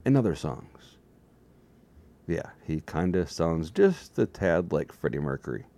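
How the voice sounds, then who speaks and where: A man's voice: deep voice, big pitch swings, a little slow, dark tone. A tired man chatting in a meandering, self-deprecating way on his own vlog. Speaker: vlogger. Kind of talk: rambling casual vlog.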